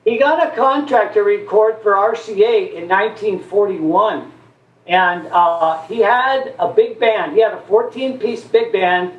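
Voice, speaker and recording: Guy with a high voice telling a story, does the voices, echoey room. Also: unhurried, muffled recording. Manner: animated storyteller acting out quotes. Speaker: guest. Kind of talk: casual storytelling chat.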